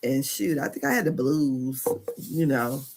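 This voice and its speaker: A woman's voice: very deep voice, measured pace, a little mellow. A woman in her fifties hosting a casual live stream, chatty and candid, laughing often as she talks. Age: 50s. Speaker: podcast host.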